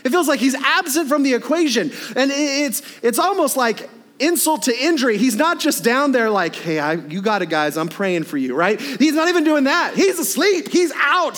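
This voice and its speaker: A man preaching a sermon in a conversational, animated way, with frequent asides and tag questions to his listeners. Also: very high-pitched.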